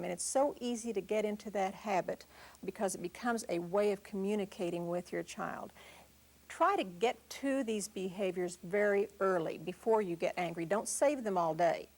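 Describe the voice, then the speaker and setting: Calm instructive woman with a gravelly voice. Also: medium pitch, moderate pace. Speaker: parenting expert. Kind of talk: instructional talk and call-in advice.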